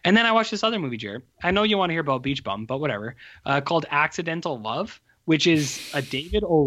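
A man with a fairly high voice rambles through a movie rundown, cursing freely and animated in his storytelling. The sound is muffled and lo-fi, coming over a remote call. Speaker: podcast co-host reviewing movies. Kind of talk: casual chat.

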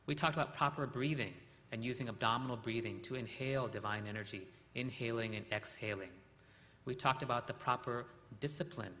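A man teaching a meditation lesson, calmly explaining and telling stories, asking his listeners questions now and then. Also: mid-range voice. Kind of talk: spiritual lesson recap with storytelling. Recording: reverberant hall with faint ambient noise.

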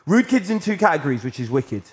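A man hosts a loose podcast conversation, his voice sitting a little high. He laughs easily and keeps cutting in on the others. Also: very animated, quick pace. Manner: laughing, jumps in often. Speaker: podcast host. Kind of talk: casual banter. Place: office.

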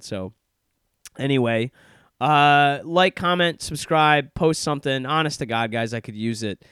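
A man's voice: mid-range voice, a little slow, fairly bright tone, clear, resonant tone, no room sound. Young male podcast host: chatty, self-mocking, sardonic; clean resonant voice, recorded close and dry. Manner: rambling, self-deprecating and sardonic. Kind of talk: casual podcast intro monologue. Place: office in Chicago.

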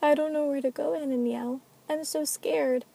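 A woman's voice: on the high side, normal speed, vocal fry, mellow, husky. A woman voicing a tearful grieving young detective. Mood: pleading, tearful.

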